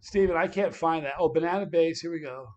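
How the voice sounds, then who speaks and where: A man hosting a livestream, telling a story in a lively, casual way. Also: a little high, fairly quick. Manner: animated, tells stories with quoted voices. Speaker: livestream host.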